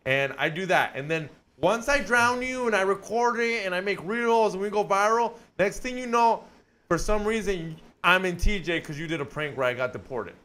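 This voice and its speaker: A man's voice: sits high, expressive, moderate pace, sharp tone. A man co-hosting a casual podcast, profane, spinning long joking hypotheticals. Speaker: podcast co-host. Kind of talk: casual chat.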